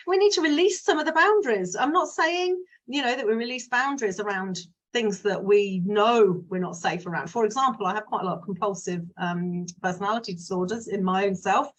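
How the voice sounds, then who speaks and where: A woman's voice: a little high, lively intonation, brisk. A woman, a business mindset coach talking casually and frankly to her viewers, drifting into side stories. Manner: chatty, frank, digressive. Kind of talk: casual solo talk to viewers.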